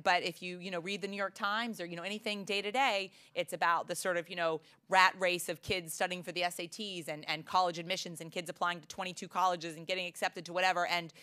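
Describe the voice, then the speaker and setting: An American psychology professor, a middle-aged woman with a lowish, bright and forceful voice, tells a story while answering a question at a talk's Q&A. She's chatty and laughs often, with plenty of fillers and restarts.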